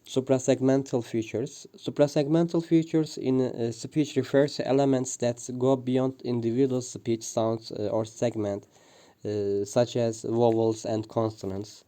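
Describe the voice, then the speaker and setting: A man reads a prepared linguistics presentation, pausing often with "uh" and restarting words. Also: medium pitch, fairly even intonation, warm tone. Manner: hesitant, frequent "uh" fillers and restarts. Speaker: student presenter.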